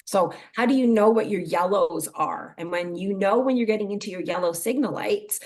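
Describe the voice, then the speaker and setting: A middle-aged woman, a mental performance coach, talking casually in an interview and acting out inner thoughts in lively quoted voices. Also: mid-range voice, normal speed.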